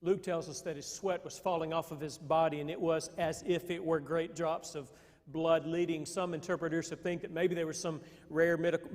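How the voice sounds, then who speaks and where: Conversational preacher in a reverberant church. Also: male voice, fairly high pitch, a little mellow. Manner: conversational, halting with restarts. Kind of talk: sermon. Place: church sanctuary. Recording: long hall reverb.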